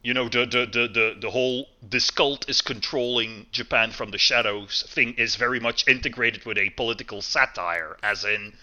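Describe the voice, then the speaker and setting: A man's voice: moderate pace, hardly any pauses, dull audio. A man co-hosting a podcast, talking in a loose, rambling way with lots of fillers and restarts. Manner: rambling, many fillers and restarts, lively swings in pitch. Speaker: podcast co-host. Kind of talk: casual chat.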